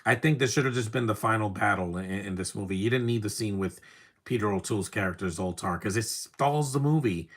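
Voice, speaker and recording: A young man giving casual live commentary over a movie, wry and opinionated, often trailing off into quiet asides. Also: on the low side, a little fast, husky. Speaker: film commentary host.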